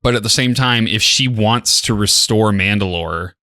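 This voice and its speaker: Tired young man, bright dry voice. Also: lowish voice, moderate pace, no room sound. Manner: tired, sighing, yawning. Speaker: reaction show co-host. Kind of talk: casual chat.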